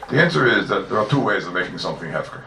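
A man gives a Talmud class, firing off rhetorical questions in a lively back-and-forth. His voice is low and gravelly yet bright and sharp at the edges. He sits well back from the mic in a roomy hall with faint background ambience. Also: racing, slight background noise. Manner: animated, rhetorical questions, Yeshivish mix of Hebrew and Yiddish terms. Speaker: Talmud teacher. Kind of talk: Talmudic lecture. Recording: echoey room, distant mic, faint ambience.

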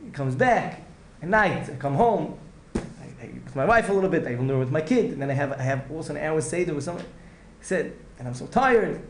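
This earnest Torah lecture comes from a rabbi with a slightly high voice who talks quickly with hardly any pauses. He repeats himself, restarts phrases, and drops in Hebrew and Yiddish words, and the echoey room has faint ambience plus a little hiss or hum.

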